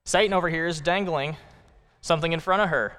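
A male pastor preaching in a church sanctuary, talking to the congregation in a conversational, emphatic way full of rhetorical questions. His voice is smooth and resonant, a bit high for a man. A long reverb hangs in the big room. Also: fairly quick, bright, forceful tone. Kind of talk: sermon.

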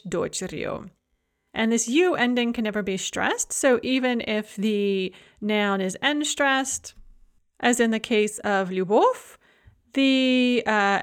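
A woman teaching a grammar lesson, explaining rules clearly and reading out pairs of example words. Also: a little high. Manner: clear, methodical, reads example word pairs aloud. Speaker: language teacher.

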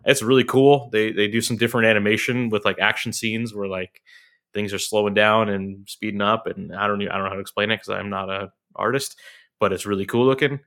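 A man's voice: fairly low pitch, fairly even intonation, fairly quick, fairly bright tone. A man in his thirties chatting casually about movies, rambling with many ums and restarts. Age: 30s. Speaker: movie reviewer on a talk show. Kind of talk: casual chat.

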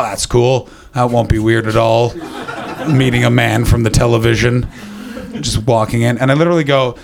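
A man's voice: mid-range voice, gravelly. A man in his thirties doing a stand-up set at a comedy venue, rambling through anecdotes and laughing at his own jokes. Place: comedy venue with live audience.

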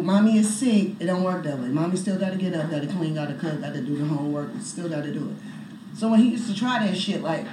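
A woman's voice: on the low side, fast talker. Blunt mother in an echoey room. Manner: blunt, profane, lively. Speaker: guest, the host's mother. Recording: echoey room with background noise.

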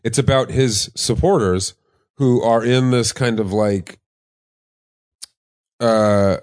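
A man's voice: mid-range voice, slow pace, darkish tone, no echo, studio quality. A man co-hosting a podcast, mixing earnest political points with crude joking asides. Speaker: podcast co-host. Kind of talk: casual political banter.

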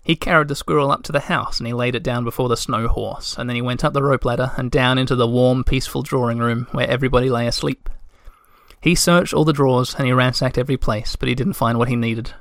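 A man reading a children's storybook aloud in a gentle, measured way. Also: medium pitch, steady tone, dry recording, clean studio sound. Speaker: narrator.

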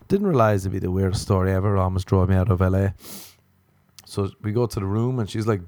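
Deadpan Irish man telling a story. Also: deep voice, fast talker, no echo. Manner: deadpan, monotone, casual swearing. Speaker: comedian and podcast host. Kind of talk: comedic storytelling.

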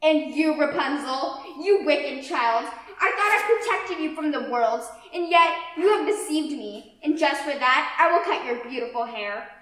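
A woman's voice: high-pitched, lively intonation, a little slow, hardly any pauses, a bit bright. A woman voicing a possessive, vengeful witch mother who scolds and threatens. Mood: threatening. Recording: echoey room.

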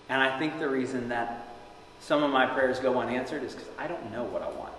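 A young man preaching a sermon in earnest, reading scripture and rising to loud cries as he acts out the quotes. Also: mid-range voice, brisk. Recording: very echoey hall with long reverb.

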